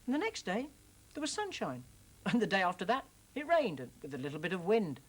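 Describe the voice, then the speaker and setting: Animated British woman telling children a story. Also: medium pitch, brisk, slight background noise. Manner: gentle, expressive, exclaiming storyteller. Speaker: children's TV presenter.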